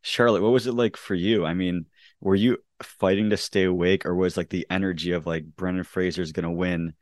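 A man co-hosting a casual podcast, who asks questions in an earnest, halting way. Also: sits low, fairly even intonation, no echo, clean studio sound. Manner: earnest, halting, full of fillers. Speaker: podcast co-host.

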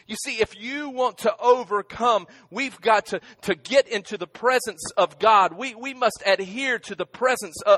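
High-voiced man preaching a sermon. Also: moderate pace, dry recording. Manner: emphatic preaching with repeated restarts and stammers; drops to a hushed, near-whispered voice at emotional moments. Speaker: pastor.

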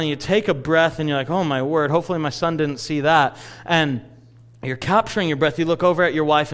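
A middle-aged man preaching a sermon, telling a story in a lively, self-mocking way. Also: on the high side, clear, resonant tone. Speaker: pastor.

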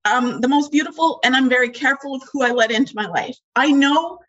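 A woman speaks over a slightly muffled, dull call line, her voice a little high. She is emotional and close to tears, and she halts often with fillers as she pours out her thanks. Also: a bit bright. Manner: heartfelt, halting, many fillers. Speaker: audience member on a call. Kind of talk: emotional personal testimony.

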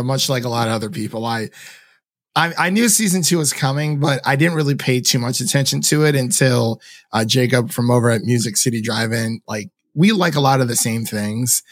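A man's voice: mid-range voice, no room sound, clean studio sound. A man hosting a podcast, chatting casually and enthusiastically, rambling with lots of "like" and quoted asides. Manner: rambling, enthusiastic, heavy use of "like". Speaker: podcast host. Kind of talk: casual chat.

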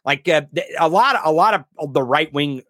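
A man's voice: a little high, animated, moderate pace, fairly bright tone, no echo, studio quality. A man hosting a podcast, chatting casually and crudely, mocking people. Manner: crude, mocking, puts on voices for jokes. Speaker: podcast host. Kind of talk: casual political chat.

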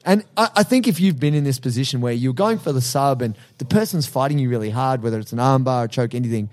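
A man, co-hosting a casual podcast and telling stories in an animated way, acting out his own reactions. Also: medium pitch, quick pace. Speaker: podcast co-host and jiu-jitsu coach.

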